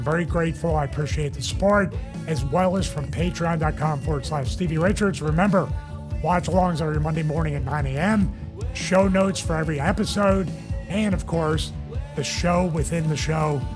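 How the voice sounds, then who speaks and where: A man with a Philadelphia accent hosting a casual podcast, losing his voice, talking in an animated way. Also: a little high, normal speed, music in the background. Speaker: host.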